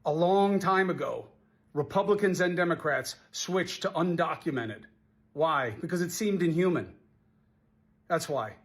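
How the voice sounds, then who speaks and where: Male TV pundit, slightly high voice, lecturing and scolding. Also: animated, a little slow. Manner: preachy, scolding. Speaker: TV news commentator. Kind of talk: lecturing on-air commentary.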